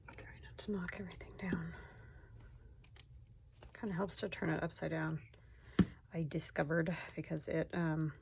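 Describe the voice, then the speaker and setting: A middle-aged woman chatting casually as she works through a craft project at home, rambling and soft-spoken. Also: deep voice, fairly even intonation, normal speed, vocal fry, long pauses. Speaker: crafting vlogger. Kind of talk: casual craft-along chat. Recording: faint background noise.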